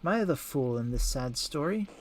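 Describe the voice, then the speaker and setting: A man's voice: a little high, lively intonation, moderate pace, slight background noise, natural voice. A man voicing a proud noble baron who is displeased with commissioned work in a video game. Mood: demanding. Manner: demanding.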